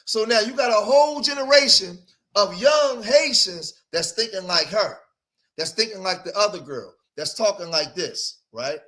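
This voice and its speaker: His voice sits high and comes across animated, bright, and forceful, delivered at a moderate pace. As host of a reaction commentary show, he responds to played clips with emphatic, rhetorical remarks and keeps asking listeners "right?"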